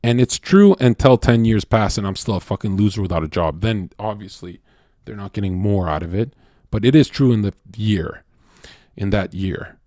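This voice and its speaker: A man's voice: fairly low pitch, normal speed, warm tone, dry recording, clean studio sound. A man livestreaming, telling a crude, profane confessional story with stammered restarts. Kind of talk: casual unscripted stream monologue.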